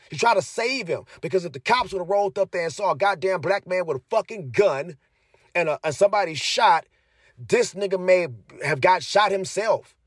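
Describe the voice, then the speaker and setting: A man's voice: high voice, slightly rough, dry recording, studio quality. A young man ranting heatedly to his viewers, cursing heavily and repeating himself as he gets worked up. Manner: heavy cursing, fired up, repetitive. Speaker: commentator. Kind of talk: heated casual rant to viewers.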